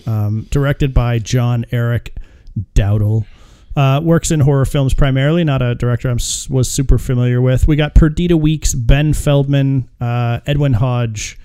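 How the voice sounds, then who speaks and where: A man hosting a casual movie review podcast, relaxed and joking as he runs through the film's facts. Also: mid-range voice, unhurried, clear, resonant tone. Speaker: podcast host.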